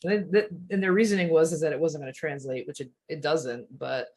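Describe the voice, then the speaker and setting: A woman's voice: sits low, steady tone, a little fast, warm tone, husky. A woman in her forties from Rhode Island, a podcast guest chatting casually with lots of fillers and laughter. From Rhode Island, USA. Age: 40s. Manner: rambling, filler-heavy, laughing storyteller. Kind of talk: casual chat.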